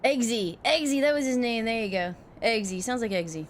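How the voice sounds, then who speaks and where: A woman's voice: on the high side, expressive, brisk, slight background noise. A woman streaming a video game live, chatting playfully and reading dialogue aloud. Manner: playful, giggly.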